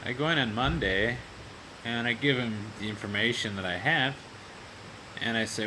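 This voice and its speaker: Man telling a long meandering office story, lots of you-knows, bit of hiss on the mic. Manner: meandering, constant "you know", chuckling, deliberately low-key. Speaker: video blogger. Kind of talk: rambling casual monologue. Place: at home.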